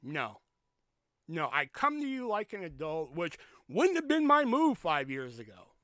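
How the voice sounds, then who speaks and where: Animated, profane man ranting. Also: unhurried, no room sound, clean studio sound. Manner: animated, jumps high when quoting himself. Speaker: podcast host. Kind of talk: casual monologue.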